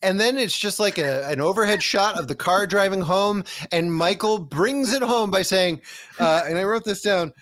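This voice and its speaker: Guy with a high bouncy voice doing a movie recap, sarcastic, dry close sound. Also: moderate pace, no room sound. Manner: animated, acts out characters' lines while recapping; profane, sarcastic. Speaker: podcast host. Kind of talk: casual movie recap chat.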